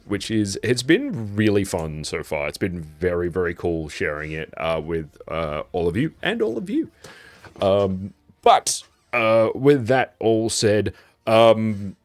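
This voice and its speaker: A man with an Australian accent, game master of a tabletop stream, chatty and quick to laugh. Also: fairly low pitch, big pitch swings. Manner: chatty and loose, laughs easily. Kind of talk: casual stream intro.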